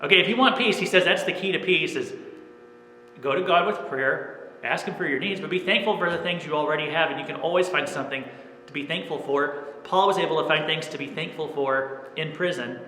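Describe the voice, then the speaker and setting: A man's voice: on the high side, a little fast, pushed and bright, a little hiss or hum. Earnest male pastor in echoey room. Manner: earnest, repeats "okay?" often. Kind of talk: sermon. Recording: echoey room with long reverb.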